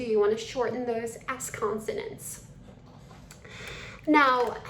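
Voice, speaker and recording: A woman's voice: high-pitched, roomy sound, a little hiss or hum. A young woman voice teacher explaining vocal techniques and switching into a demonstrated male voice to show the difference. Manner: switches between her own and a demonstrated male voice.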